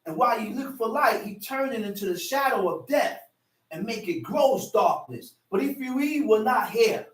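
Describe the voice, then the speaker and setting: A man's voice: extremely high pitch, expressive, moderate pace. A male preacher giving an emphatic, repetitive sermon, reading scripture and restating it in slang. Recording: echoey room, far from the mic.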